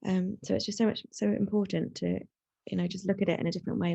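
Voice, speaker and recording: A woman's voice: mid-range voice, flat delivery, fast, gravelly, mellow, husky, no echo, muffled recording. A woman, a single mother, speaking candidly in casual chat, with lots of likes and you knows. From England. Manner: candid, filler-heavy, says like and you know.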